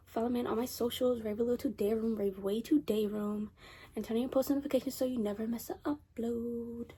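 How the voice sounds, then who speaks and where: A woman's voice: fairly high pitch, dark tone, slight background noise. A teenage girl chatting casually in a rambling storytime vlog, repeating herself as she goes. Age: teens. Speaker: vlogger. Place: bedroom at night.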